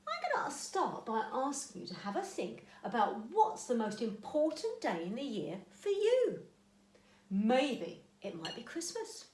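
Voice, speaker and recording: A woman gives a French lesson to small children. She speaks slowly, in a high and lively voice, and sometimes sings her greetings. The room adds a noticeable echo. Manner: slow, animated teacher talk with sung greetings. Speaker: primary school French teacher.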